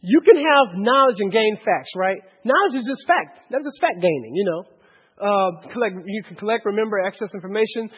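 A man preaching with a strikingly high, husky voice, pressing his listeners with urgent questions before dropping to a hush. His sermon rings out through a large hall with a long echo. The recording sounds dull and muffled. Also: lively intonation, a little fast. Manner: impassioned, swinging from loud urgent questions to hushed lows. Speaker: pastor.

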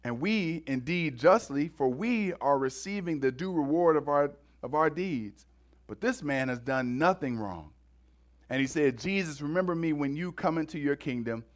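A man preaching a sermon in a lively, conversational way, often repeating words as he goes. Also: on the high side, normal speed. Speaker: pastor.

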